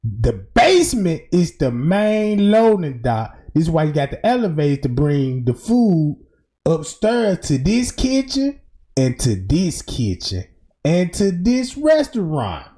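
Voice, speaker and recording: In casual video commentary, a mellow-toned man with lively pitch walks viewers through the footage slowly. He's emphatic and slangy, highlighting details as they appear.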